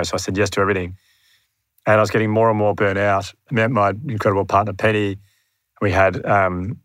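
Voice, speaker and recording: An Australian man speaking as a podcast guest, his voice sitting low with a very dry, close sound. He tells his story earnestly and pokes fun at himself, often acting out his past thoughts. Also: a bit bright, no echo. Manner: earnest, self-deprecating, acts out his own past thoughts. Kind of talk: candid storytelling in conversation. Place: room near his home.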